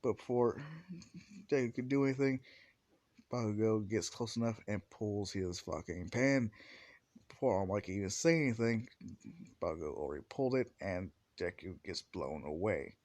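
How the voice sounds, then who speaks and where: A man's voice: lowish voice, normal speed, darkish tone, dry recording. A man casually telling a fan-fiction story in a rambling, profane way with frequent restarts.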